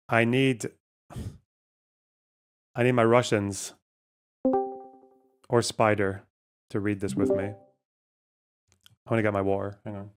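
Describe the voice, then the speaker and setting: A man hosting a live stream, talking casually, reacting to chat, and swearing as he goes. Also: on the low side.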